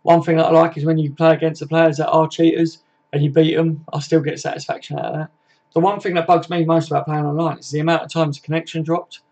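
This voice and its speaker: A young man chats loosely on a home live stream, swearing and calling everyone "mate". His voice sits a bit high and stays fairly flat in pitch. The audio is dull and lo-fi. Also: quick pace. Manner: chatty, laddish, swears freely, says "mate" a lot. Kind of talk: casual live stream chat reading viewer comments.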